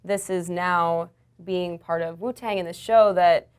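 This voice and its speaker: A woman with a somewhat low voice leads a studio interview. She asks her prepared questions steadily and in a measured way. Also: steady tone, clear, resonant tone.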